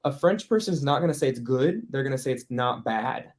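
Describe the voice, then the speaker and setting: A man's voice: medium pitch, animated, brisk, darkish tone. A man teaching French in a casual online workshop, chatty, laughing often and putting on voices for quoted speech.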